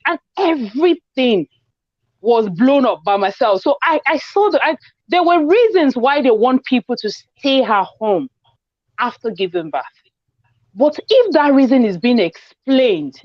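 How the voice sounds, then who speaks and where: A woman hosting a casual group chat, telling a personal story in an animated way and acting out the dialogue. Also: fairly high pitch, dry recording, lo-fi sound. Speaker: host. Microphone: video call.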